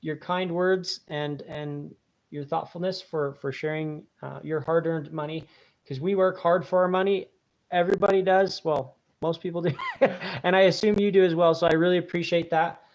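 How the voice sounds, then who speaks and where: A man hosting a casual live stream, warmly thanking viewers and rambling with many fillers and restarts. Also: fairly high pitch, steady tone, normal speed. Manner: warm and grateful toward viewers. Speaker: channel host reading viewer donations.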